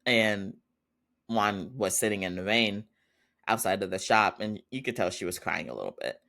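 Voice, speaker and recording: A man's voice: fairly low pitch, lively intonation, normal speed, creaky, sharp tone. A man hosting a podcast, casually recapping a TV episode in a chatty way and laughing often as he retells it. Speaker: podcast host.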